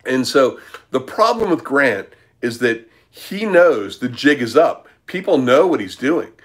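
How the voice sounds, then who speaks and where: Middle-aged male livestream host, mid-pitched, profane and combative, casual rant style. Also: very animated, measured pace. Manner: profane, blunt and combative, with pitch swinging up when worked up. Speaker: livestream host answering viewer questions.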